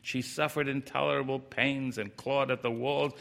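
Bright-voiced man telling a story. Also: medium pitch, little pitch movement, moderate pace, gravelly, hardly any pauses. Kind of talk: first-person story reading.

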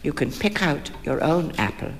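A man voicing a cruel, scheming stepmother in a fairy-tale reading, low and quiet with false kindness. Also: lively intonation, moderate pace. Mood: falsely sweet. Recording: long hall reverb.

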